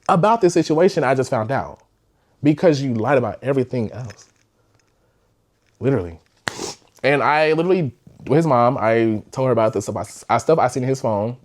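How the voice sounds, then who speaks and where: A young man hosting a podcast, telling a personal relationship story in a candid, rambling way, swearing freely and sometimes sinking to a hush. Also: on the high side, expressive, a little fast. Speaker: podcast host. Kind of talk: casual storytime.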